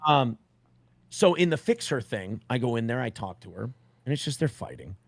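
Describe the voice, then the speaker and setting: A man's voice: medium pitch, moderate pace, gravelly, no echo. A man in his forties telling a story on a stream in blunt, profane language, acting out what others said. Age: 40s. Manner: blunt, profane, animated retelling with quoted voices. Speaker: guest.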